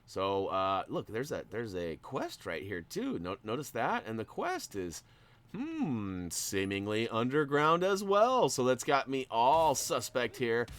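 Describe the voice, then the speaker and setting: Playful gamer guy doing a walkthrough, voice swings way up and down, mid pitch. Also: huge pitch swings, measured pace, dry recording. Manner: playful, jokey, chatty. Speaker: gaming channel host. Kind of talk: gameplay walkthrough commentary.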